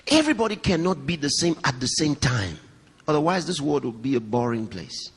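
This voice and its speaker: A male pastor preaching a sermon to a live congregation, swinging between raised, high emphasis and hushed, low storytelling, and putting questions and asides to the audience. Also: big pitch swings, a little fast, breathy edge. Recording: long hall reverb.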